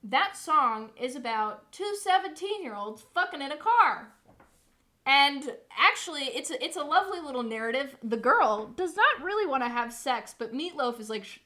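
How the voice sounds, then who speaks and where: A young woman on a livestream talks in a bright, sharp voice that sits a little high. She tells stories in an animated, foul-mouthed way with a sarcastic edge. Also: normal speed. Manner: profane, animated storytelling. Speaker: streamer. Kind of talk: casual livestream chat.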